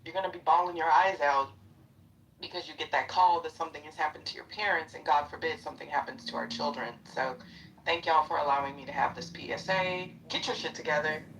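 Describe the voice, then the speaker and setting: A woman's voice: low voice, fairly even intonation, brisk, gravelly, fairly bright tone, recorded from a distance, slight background noise, low-quality recording. A middle-aged woman chatting casually in a live audio room, blunt, profane and ready to call people out. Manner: confrontational when calling someone out. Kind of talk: casual chat.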